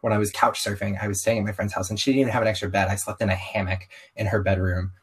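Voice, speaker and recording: A young man from the American South with a slight Southern accent, speaking as an interview guest and telling his story openly, with animated quoted asides. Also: on the low side, racing, slightly rough. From Southern US, raised partly in Baltimore. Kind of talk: candid conversational interview.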